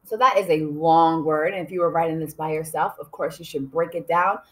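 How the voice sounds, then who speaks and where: A woman's voice: sits low, steady tone. Woman teaching a children's writing lesson. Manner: slow, sounding out letters and syllables for children; encouraging, asks questions to young learners. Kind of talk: recorded classroom writing lesson.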